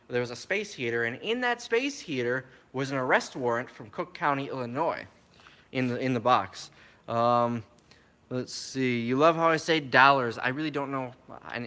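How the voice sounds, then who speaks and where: A man casually answering viewer questions on a live stream, chatty and relaxed, reading each question aloud before he answers. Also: medium pitch.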